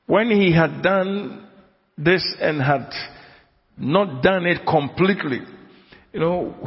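A man delivers an emphatic sermon, repeating key phrases at a slow, deliberate pace with a gravelly edge to his fairly high voice. He often turns to question his congregation directly. The audio is dull and lo-fi, with long reverb from a church hall. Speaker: preacher.

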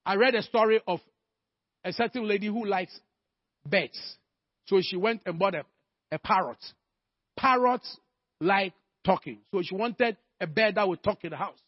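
A man's voice: high voice, moderate pace, long pauses, no room sound, dull audio. A man preaching a sermon, calling for amens and telling stories to make his point. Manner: rhetorical, calls for amens, storytelling.

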